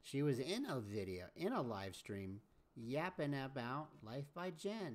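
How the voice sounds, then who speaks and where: A man hosts casual reaction commentary in a mid-range, sing-song voice, speaking a little slowly. He scolds and chimes in with repeated agreement, using catchphrases like "amen."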